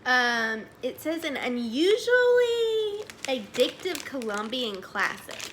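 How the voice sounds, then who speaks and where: A young woman, chatting excitedly as she reviews snacks, saying "y'all" a lot. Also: sits high, slow, a little hiss or hum. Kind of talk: casual chat.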